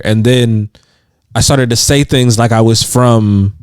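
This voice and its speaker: Guy cohosting a podcast, rambly and laughing, dry close sound, middle pitch. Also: steady tone, a little slow, clean tone, no echo. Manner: rambling, heavy on "like" fillers, laughs often. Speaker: podcast co-host. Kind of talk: casual chat. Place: indoors on a couch.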